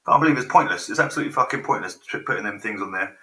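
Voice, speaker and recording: Man in his forties, live-stream host, rambling and sweary, lowish voice, very sharp tone, echoey room. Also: expressive, racing, hardly any pauses. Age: 40s. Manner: swears freely, distracted by tech trouble. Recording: roomy echo.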